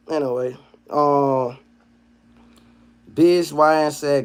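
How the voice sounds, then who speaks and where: A man hosting a casual livestream, reading chat comments aloud. His talk is slangy and profane, and it swings from low mumbled asides to loud, heated rants. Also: flat delivery, takes it slowly, long pauses, smooth. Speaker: livestream host.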